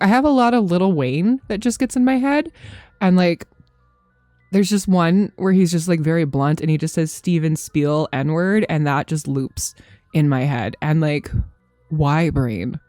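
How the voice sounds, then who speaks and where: A woman's voice: lowish voice, warm tone, dry recording. A woman in her thirties streaming from home, chatting loosely with her viewers, rambling, swearing freely and laughing often. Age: 30s. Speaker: game streamer. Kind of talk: casual chat with live chat.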